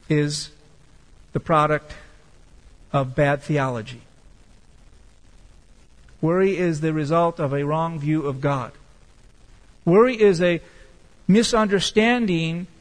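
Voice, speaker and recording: A man preaching a sermon as pastor, emphatic and slowing down to stress key words. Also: high voice, a bit bright, long reverb tail, low-quality recording.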